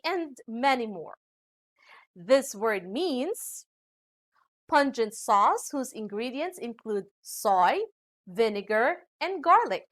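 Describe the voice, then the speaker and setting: A woman from the Philippines with a Filipino accent, teaching a scripted English pronunciation lesson to students. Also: fairly high pitch. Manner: slow, lively teacherly delivery addressing students.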